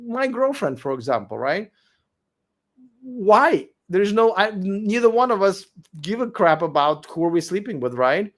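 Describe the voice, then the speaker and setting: A high-voiced livestream host, his voice weak and fading, responds to viewer comments in a late-night chat. Blunt and foul-mouthed, he keeps repeating his points while arguing.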